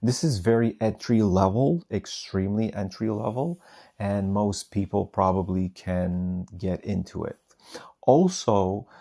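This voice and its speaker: Non-native guy chatting to camera, low gravelly voice, lots of ums and uhs. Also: mellow. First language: not English. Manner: rambling, hesitant, many fillers. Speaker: phone interpreter. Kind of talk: casual talk to camera.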